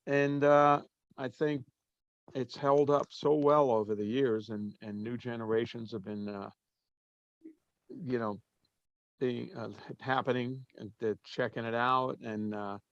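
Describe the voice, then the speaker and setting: A man's voice: mid-range voice, fairly even intonation, a little slow, clear, resonant tone, no room sound, highs cut off. A man talking casually as a guest in an interview, easygoing and rambling with many fillers. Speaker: drummer guest.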